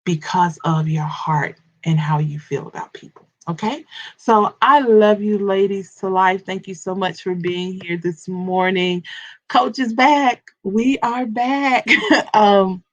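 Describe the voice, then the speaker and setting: A woman's voice: mid-range voice, slow, lo-fi sound. Woman preaching a morning devotional. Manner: preachy and repetitive, with stammered restarts and direct address. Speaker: life coach and minister. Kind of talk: live-streamed morning devotional talk.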